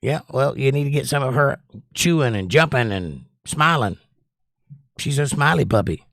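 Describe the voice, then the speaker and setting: A man's voice: medium pitch, lively intonation, moderate pace, creaky, a bit bright, no room sound, studio quality. A man hosting a casual livestream, reading viewer comments aloud and rambling between them. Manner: chatty, rambling, reads chat aloud. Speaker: livestream host.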